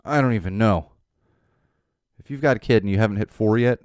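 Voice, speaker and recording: A man in his thirties hosting a podcast, rambling casually and laughing as he talks, sometimes mimicking a child in a high voice. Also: brisk, darkish tone, dry recording, studio quality. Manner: rambling, self-interrupting, laughing. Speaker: podcast host. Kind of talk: casual chat.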